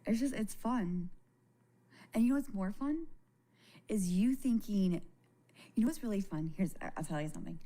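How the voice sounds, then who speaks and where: A woman talking casually to viewers on a live stream, candid and halting, swearing freely and often restarting her sentences. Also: mid-range voice, lively intonation, dark tone. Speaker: livestreamer.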